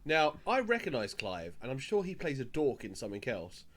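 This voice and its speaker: A man's voice: medium pitch, huge pitch swings, fairly quick, a bit bright. A man co-hosting a podcast, recapping a show in casual chat and laughing often. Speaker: podcast co-host.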